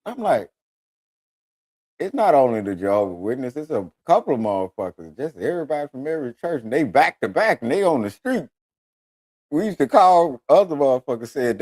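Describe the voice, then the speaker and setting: On a dry recording, a man with a medium-pitched voice speaks fairly quickly while hosting a talk radio program. His comedic, profane tales are told animatedly, and he keeps jumping into other people's voices.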